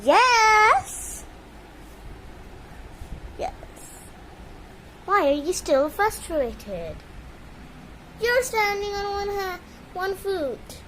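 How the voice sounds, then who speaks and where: High, lively woman cooing at her bird. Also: drawn-out words, long pauses, slight background noise, low-quality recording. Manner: coos and scolds a pet bird in baby talk. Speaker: pet owner filming her bird. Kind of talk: casual phone vlog talking to a pet. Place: indoors at home with a fan on.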